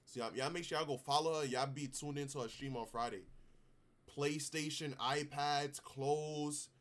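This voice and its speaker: A man's voice: fairly high pitch, fairly even intonation, moderate pace, fairly bright tone. A young man with a New York accent, chatting casually with slangy asides while reacting on a live stream.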